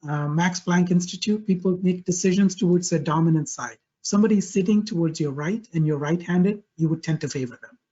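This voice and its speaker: A man giving a live webinar presentation over a video call, energetic and emphatic, often repeating his key phrases. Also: high voice, fairly quick, few pauses, lo-fi sound.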